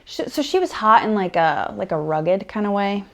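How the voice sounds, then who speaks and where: A young woman rambling through a personal story in ASMR role-play, with plenty of fillers. She swings between soft, close murmurs and animated bursts. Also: mid-range voice, normal speed, creaky. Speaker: ASMR creator.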